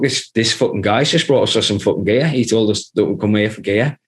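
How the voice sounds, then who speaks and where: A man's voice: on the low side, fast, few pauses. Sweary man telling a story. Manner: swears constantly, rambling, laughs through his story. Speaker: podcast guest. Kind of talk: casual storytelling.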